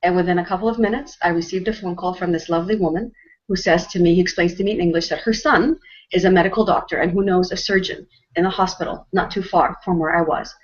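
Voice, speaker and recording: A woman from Canada with a lowish voice tells a heartfelt personal story as a host. She is earnest and emotional and often restarts her sentences. The audio is muffled and lo-fi. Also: fast talker. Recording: dull lo-fi audio.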